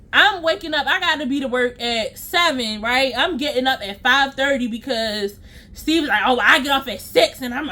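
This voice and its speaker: High, bright-voiced woman telling a story. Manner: animated, slangy, laughs at herself. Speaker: storytime vlogger. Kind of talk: casual storytelling to camera.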